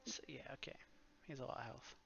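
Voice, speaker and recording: Hesitant game master, dull lo-fi audio. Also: male voice, quick pace, fairly bright tone, whispered. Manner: rambling, hesitant, laughs often. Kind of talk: narrating a tabletop game over voice chat. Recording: dull lo-fi sound.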